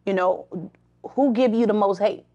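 A woman's voice: medium pitch, moderate pace, dark tone, muffled recording. A woman co-hosting a casual interview, asking questions in a chatty, frank way. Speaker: co-host.

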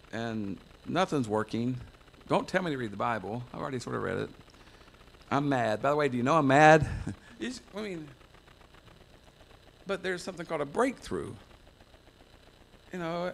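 A pastor from the United States preaches a folksy, self-mocking sermon to his congregation, drifting into asides. His mid-range voice is creaky and a bit bright, with slight background noise.

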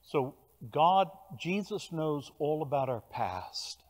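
An older man with a Cajun Louisiana accent preaching a sermon, telling stories with animated bursts of loud emphasis. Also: a little high, slow. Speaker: pastor. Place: large church sanctuary. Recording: long church hall reverb.

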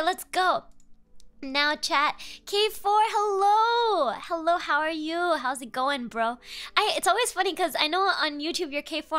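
A woman's voice: high voice, pushed and bright. A young woman streaming, chatting casually and greeting viewers by name with lots of giggles. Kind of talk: casual live-stream chat.

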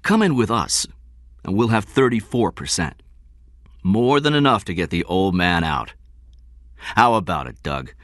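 Guy doing a scheming businessman, pushy, pitched up high over his low voice. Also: big pitch swings, measured pace, pauses often, a bit bright, no echo, studio quality, full character voice. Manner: pushy and wheedling. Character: scheming narrow-faced male businessman.

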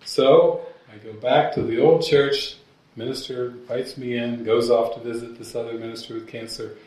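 In a very echoey meeting hall, a distant male voice, mid-range, steady and a little mellow, moves at a normal speed. He's a spiritual teacher addressing a gathering with stories, laughing often at his own humor.

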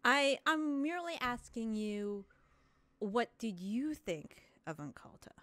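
A woman voicing an ancient, immortal female being who speaks in a measured, quiet way. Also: on the high side, big pitch swings, no echo, exaggerated voice. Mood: calm, knowing.

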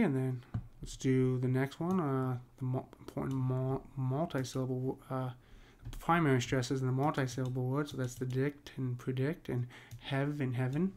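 A man teaching a poetry lesson in a casual, step-by-step way, often checking in with "right?" and slowing down to read verse lines. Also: mid-range voice, darkish tone, slight background noise. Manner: talks through steps with frequent "right?" and fillers; reads verse lines slowly and deliberately.

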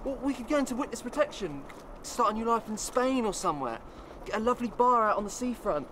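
A man's voice: very high-pitched, expressive, fast talker, noisy background. A man playing a chatty, teasing young friend. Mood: needling.

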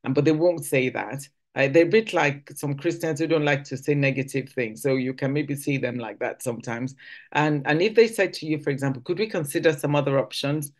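Woman church speaker, chatty teaching tone, voices quoted phrases with big pitch leaps. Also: a little fast.

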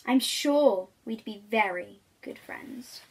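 A sly storybook wolf that sweet-talks and coaxes, persistent and hungry, put on by a woman reading aloud. The voice swoops high then drops, slightly breathy. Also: slow, a little mellow, full character voice. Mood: coaxing. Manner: wheedling, sweet-talking.

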